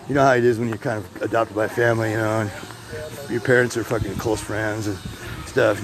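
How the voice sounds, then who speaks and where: Middle-aged guy rattling off wild stories fast, swears a lot, bit of hiss behind him. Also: lowish voice. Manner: profane, animated storyteller. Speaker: podcast host. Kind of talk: casual storytelling. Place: outdoors on a hilltop.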